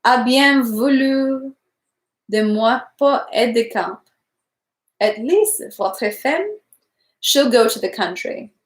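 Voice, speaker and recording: A woman's voice: a little high, lively intonation, slow, pauses often, reverberant. A woman reading Prince Andrei, a weary bored young nobleman. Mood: dry. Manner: dry and bored.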